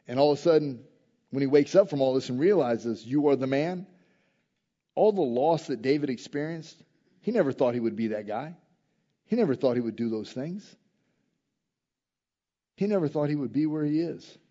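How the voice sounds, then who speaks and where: A man preaching a sermon, moving between quiet reflective passages and loud, emphatic rises, often asking his listeners direct questions. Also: medium pitch, animated, moderate pace, pauses often, lo-fi sound.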